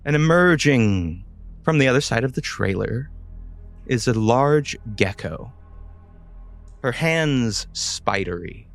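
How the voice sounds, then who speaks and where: A man narrating as game master of a tabletop fantasy game. He tells the story very slowly and dramatically, with a lively pitch that moves a lot. A faint music bed plays behind. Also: creaky.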